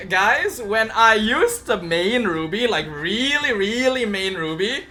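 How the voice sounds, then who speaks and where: A gaming video creator giving casual patch-notes commentary, excitable and quick to squeal with delight. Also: mid-range voice.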